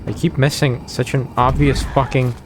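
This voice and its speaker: A man's voice: mid-range voice, flat delivery, moderate pace, over music. A man streaming a video game, swearing constantly and sarcastic as he grows more and more exasperated. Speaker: gaming streamer. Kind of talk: frustrated gameplay commentary.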